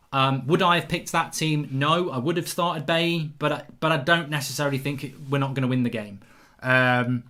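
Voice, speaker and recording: A middle-aged man hosts a casual football fan stream, reading out viewers' comments and answering them in an animated, excitable way, swearing freely and often restarting his sentences. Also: medium pitch. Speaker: football fan channel host reading live chat.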